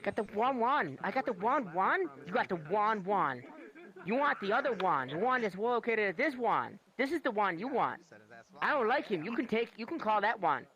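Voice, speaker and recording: A flustered man on a phone call keeps insisting he is the wrong person, repeating himself in a back-and-forth exchange, as a man acts out both sides. The voice sits high and bright. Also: sing-song, moderate pace, full character voice. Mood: insistent. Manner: repetitive, back-and-forth acted dialogue.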